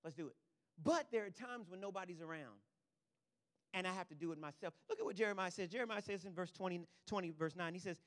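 A male pastor with a high voice preaches fast, his words trailing into a long reverb tail. He swings between quiet asides and loud, emphatic declarations while checking in with the congregation.

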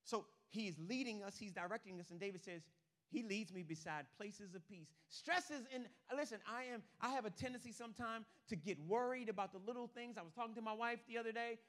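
A young man preaching with lots of animation, his voice pitched high for a man. The tone is bright and forceful, and he swings from loud bursts to quiet, hushed lines. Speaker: pastor. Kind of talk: animated sermon.

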